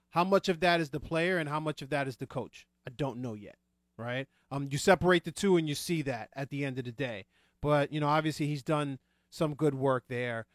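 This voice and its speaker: High-pitched man in a dry room. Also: dry recording. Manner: hesitant, repeats himself, many ums. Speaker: podcast co-host. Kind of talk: casual sports chat.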